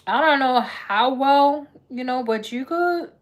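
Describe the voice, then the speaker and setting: A woman's voice: sits high, slow pace. A woman doing a live tarot reading in a chatty, laughing, slangy way. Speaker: tarot reader.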